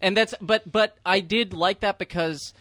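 Higher-pitched male co-host, agreeable, stammers into his points, dry close recording. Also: steady tone, measured pace, sharp tone, dry recording. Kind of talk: casual movie commentary chat.

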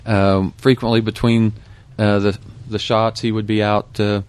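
A man speaking as a guest in a casual commentary, hesitant and slow with many ums. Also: lowish voice, little pitch movement, clean tone.

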